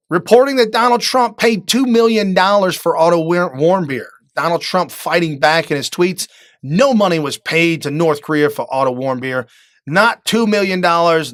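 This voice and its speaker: Man, talk show host, high voice, emphatic monologue, dry studio sound. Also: no room sound. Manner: animated, emphatic, frequent fillers and restarts.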